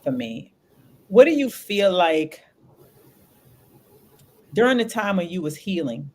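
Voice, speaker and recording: A woman hosting a candid podcast conversation, telling her story in an animated, laughing way with casual slang. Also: lowish voice, slow pace. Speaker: podcast host.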